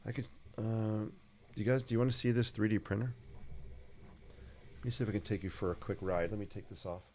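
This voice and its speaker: A man's voice: lowish voice, steady tone, fairly quick, a little mellow. A man chatting casually with viewers during a live sketching stream in his home studio, upbeat and talkative. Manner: chatty, upbeat, talks to viewers while drawing. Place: home art studio with a 3D printer running. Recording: faint machine noise behind.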